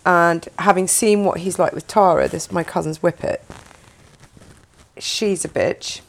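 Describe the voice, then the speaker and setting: A podcast host with a lowish, vocal-fried voice chats casually at a measured pace, keeping a steady tone. She tells stories about her dog and laughs often.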